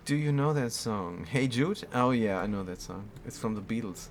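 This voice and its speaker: Speaking at a normal speed in a mid-range voice, a man from Germany casually talks through his gameplay while responding to chat. He's relaxed, reads comments out loud, and laughs a lot, with slight background noise in the recording.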